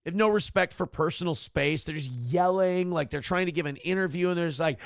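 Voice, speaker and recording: A man's voice: high voice, a little fast, gravelly, hardly any pauses, dry recording, clean studio sound. A man in his forties hosting a morning talk show, telling profane, rambling stories in a casual chat style. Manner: profane, animated storytelling.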